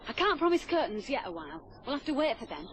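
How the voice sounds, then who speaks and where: A woman's voice: sits high, big pitch swings, quick pace, a little hiss or hum. An actress playing a fiery, devoted young working-class woman with a Lancashire accent in a stage-style radio drama. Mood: hopeful. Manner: earnest, emotional.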